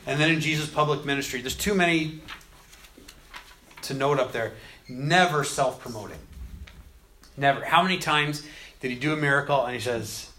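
Man, minister, casual faith discussion, animated storytelling, acts out quotes, middle pitch. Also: moderate pace, long pauses.

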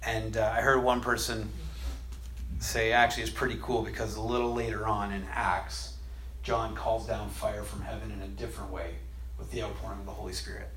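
A man in a casual faith discussion who tells scripture stories with energy. He acts out the quoted lines, often laughs, and drops to a soft, low voice on the gentle points. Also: flat delivery, fairly quick, a little hiss or hum.

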